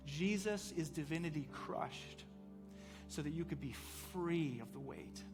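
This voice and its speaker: A man's voice: a little high, moderate pace, creaky. A male pastor delivers a sermon in a church, his slightly raised voice ringing with the long reverb of a large hall. He tells his story earnestly and pushes into fervent emphasis, while faint music sits underneath.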